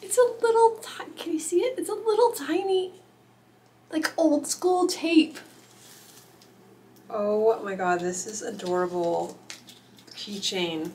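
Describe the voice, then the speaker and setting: A middle-aged woman vlogging as an author YouTuber, gushing and squealing with excitement while unboxing gifts, teary-eyed. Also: high-pitched, slow, pauses often, a little hiss or hum. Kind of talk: unboxing vlog.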